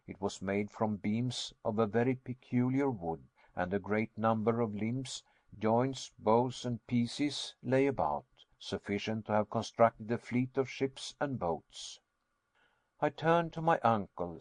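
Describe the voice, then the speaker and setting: A man's voice: fairly low pitch, darkish tone, no echo. Man narrating an audiobook, dry and close.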